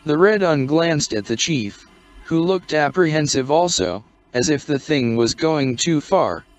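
A man reading a short story aloud in a measured, scripted narration. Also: on the high side, animated. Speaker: audiobook narrator. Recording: dry, dull lo-fi recording.

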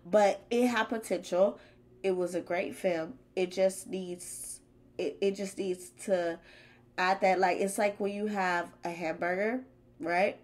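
A woman hosting her own horror reaction channel, talking back to the screen in an emphatic, excitable, chatty way. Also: medium pitch, measured pace, low-quality recording. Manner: chatty, uses homespun comparisons. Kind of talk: casual reaction commentary.

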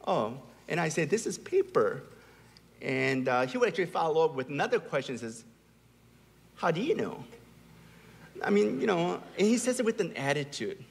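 A man's voice: on the high side, very animated, fairly quick, gravelly, husky. A middle-aged man preaching a sermon as a pastor, telling stories and building to emphatic, rising peaks. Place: large church hall. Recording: long hall reverb.

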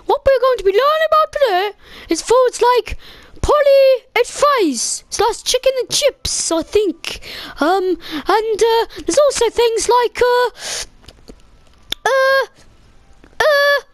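A woman putting on a scatterbrained French teacher who gushes over food and sprinkles in drawn-out "oui, oui"s. The voice sits very high and moves at an unhurried pace, with a dry, close sound. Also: lively intonation, no room sound, full character voice. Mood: chirpy. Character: bumbling female French teacher, cheerful, poor at French. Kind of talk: game role-play.

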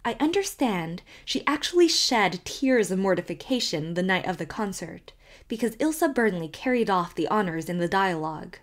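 A woman's voice: medium pitch, lively intonation, normal speed, close to an everyday voice. A woman reading as a prim gossiping village matron. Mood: disapproving. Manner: tolerant, mock-pleasant disapproval.

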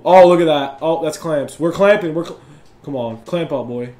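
A young man giving live commentary over a basketball video game, competitive and quick to yell and complain about his opponent. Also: a little high, roomy sound. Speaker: gaming YouTuber.

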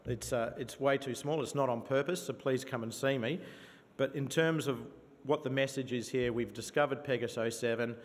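A man with a New Zealand accent pitches his company to investors in a conference venue, his voice carrying a long hall reverb. His pitch sits mid-range, and he talks with eager enthusiasm, often stopping to restart a phrase with an "uh". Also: fairly even intonation, normal speed. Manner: enthusiastic, with frequent fillers and restarts. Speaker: company presenter.

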